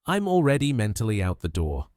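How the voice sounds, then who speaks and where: A man's voice: fairly low pitch, wildly swooping pitch, a little fast, darkish tone, dry recording, studio quality. A man reading a joking, proud young man. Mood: teasing. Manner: teasing, playful.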